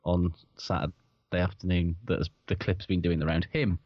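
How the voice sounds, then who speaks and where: Low-voiced bloke on a podcast, chatty and sweary, slightly dull lo-fi audio. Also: male voice, level tone, moderate pace, no room sound. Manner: swearing, rambling, laughs often. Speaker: podcast co-host. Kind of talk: casual sports chat.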